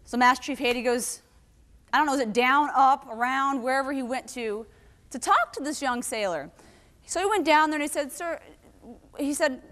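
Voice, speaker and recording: A woman giving a lively motivational talk to a live audience, telling stories and asking the crowd questions. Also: high voice, moderate pace. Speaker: keynote speaker. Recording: long hall reverb.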